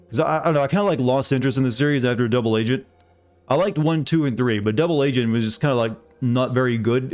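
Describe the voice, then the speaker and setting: A man's voice: medium pitch, darkish tone. A man streaming a game, chatting casually and ramblingly with his live viewers and greeting them by name.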